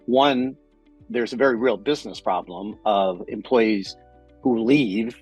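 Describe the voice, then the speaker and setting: A man with a husky, slightly breathy voice talks through workplace stories on a podcast he co-hosts. His manner is loose and animated, and he slips into quoted voices as he goes, over faint background music. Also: on the low side, measured pace. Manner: animated storyteller, acts out quotes, swears casually. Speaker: podcast co-host. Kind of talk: casual business chat.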